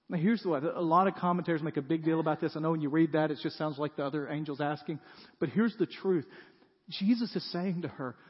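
Male pastor, casual sermon delivery, high pitch, dull lo-fi recording. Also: fast, breathy edge. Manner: conversational, asks the audience rhetorical questions. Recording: dull sound with long hall reverb.

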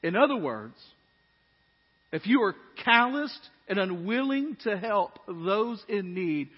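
A man's voice: sits high, sing-song, slow pace, breathy edge. A man preaching a sermon with emphatic rising phrases, often asking the congregation questions. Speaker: pastor. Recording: dull sermon audio with long hall reverb.

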